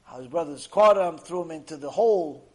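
A man's voice: a little high, a little fast, poor audio. A man giving a Torah lecture as a rabbi, telling stories animatedly, often repeating himself. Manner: animated, repetitive, acts out the people in his stories.

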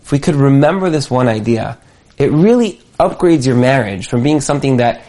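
Animated man teaching a Torah class. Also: medium pitch, fairly quick. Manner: lively, acts out imagined dialogue.

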